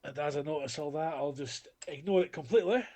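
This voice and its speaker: Man, tabletop player, playful, confident, slightly high voice. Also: fast, mellow. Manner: playful, confident in-character bits. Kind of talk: tabletop role-play chat.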